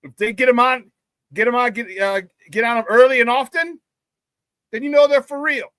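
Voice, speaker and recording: A man hosting a live-streamed sports talk show, reading viewer chat in an excitable, hyped way, laughing often and using slang. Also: extremely high pitch, moderate pace, no echo.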